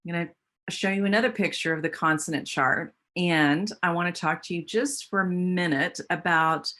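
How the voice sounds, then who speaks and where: A woman's voice: fairly low pitch, normal speed, a bit bright. An American woman explaining speech sounds in a teacher training presentation, with a patient, explanatory manner and frequent restarts. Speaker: literacy educator.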